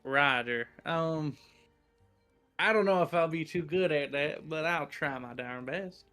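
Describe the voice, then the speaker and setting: A man playing a tabletop game as a player, talking in halting, hesitant bits. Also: fairly high pitch, pushed and bright, soft background music.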